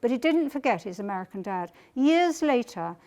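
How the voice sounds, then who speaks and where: A woman's voice: fairly high pitch, very animated, warm tone. Woman historian giving a lecture. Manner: measured storytelling, reads quoted testimony aloud. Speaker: historian giving a book talk. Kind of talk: public lecture.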